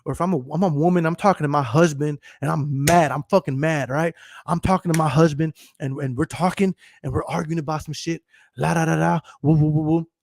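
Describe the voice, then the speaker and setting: A man's voice: on the high side, steady tone, a little fast, a little hiss or hum. A man in his thirties hosting a podcast, talking casually to a live stream, emphatic and profane and often laughing. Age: 30s. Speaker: podcast host. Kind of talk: casual livestream monologue.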